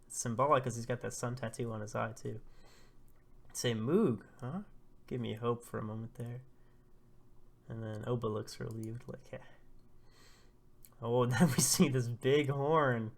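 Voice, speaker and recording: A man hosting a casual manga read-through, excitable and laughing as he retells the chapter. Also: medium pitch, normal speed, creaky.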